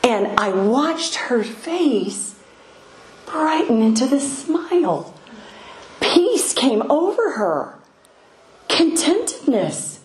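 An older woman giving a devotional talk, unhurried and hesitant, pausing often. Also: sits high, very animated. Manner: unhurried, hesitant, many pauses. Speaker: speaker sharing a devotional story. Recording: echoey room, faint ambient noise.

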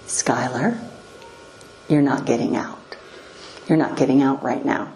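A woman voicing a calm, gentle but firm young father soothing his toddler in a hushed tone. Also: medium pitch, measured pace, creaky, slight background noise, pitched below the performer's own voice. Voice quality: quiet, gentle, authoritative. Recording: echoey room.

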